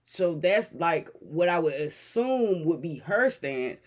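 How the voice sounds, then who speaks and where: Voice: mid-range voice, sing-song, takes it slowly. A reaction video host talking casually and cursing a lot, getting irritated and mimicking the people in the clip. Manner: profane, exasperated, repeats clip lines aloud; mocking impressions of people in the clip.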